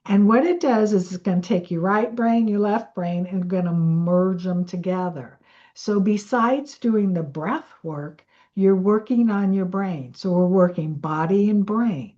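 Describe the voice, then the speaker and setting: A woman coach leading a slow guided breathing and affirmation exercise in a soothing way. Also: mid-range voice, warm tone, highs cut off. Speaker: manifestation coach.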